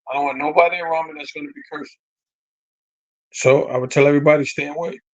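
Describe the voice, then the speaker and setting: In a muffled recording, a middle-aged boxing trainer with a slightly high voice tells stories casually as an interview guest. He acts out quotes and keeps adding "man" and "you know what I mean."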